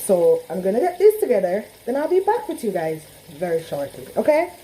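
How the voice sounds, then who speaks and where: In a rough recording, a home cook vlogger with a Trinidadian accent talks directly to viewers as she cooks in her kitchen, a pan sizzling and frying nearby. Her medium-pitched, warm voice is very animated and fairly quick.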